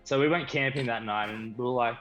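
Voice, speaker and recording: An Australian man, a band member guest, telling a story with lively enthusiasm. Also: mid-range voice, fairly quick. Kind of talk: casual storytelling. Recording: slightly dull stream audio with faint music.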